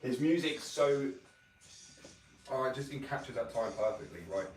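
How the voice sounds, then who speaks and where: A man's voice: mid-range voice, normal speed, darkish tone. A man, rambling, opinionated and sweary in casual chat. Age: 20s. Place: workshop room. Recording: echoey room, far from the mic, music behind.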